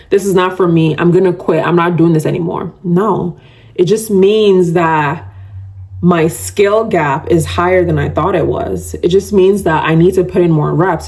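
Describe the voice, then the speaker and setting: Woman, podcast host, casual solo talk, chatty, lower-pitched voice. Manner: chatty, animated, laughs often, self-described yapper.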